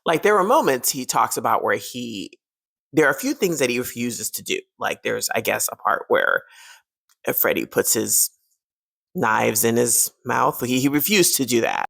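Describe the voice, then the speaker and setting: A woman's voice: extremely low pitch, animated, normal speed, vocal fry, fairly bright tone, husky, dry recording. A woman hosting a horror movie fun-facts video, talking casually and animatedly and laughing often.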